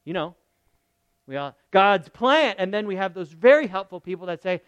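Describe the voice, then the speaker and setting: A man preaching a sermon, asking his congregation questions and swinging from loud to very quiet. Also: high-pitched, very animated, moderate pace, clean tone, dry recording, dull audio. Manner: talks straight to the congregation with questions. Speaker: pastor.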